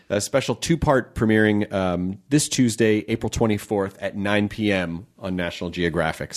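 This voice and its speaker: A man hosting a podcast, chatting casually and joking his way through ad reads. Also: fairly low pitch. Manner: playful, jokey, rambling. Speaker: podcast host.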